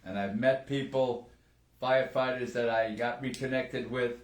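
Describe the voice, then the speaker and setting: A man's voice: medium pitch, fairly even intonation, normal speed, reverberant. An older man, a retired firefighter, co-hosting a live stream and telling stories earnestly. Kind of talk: casual live-stream chat.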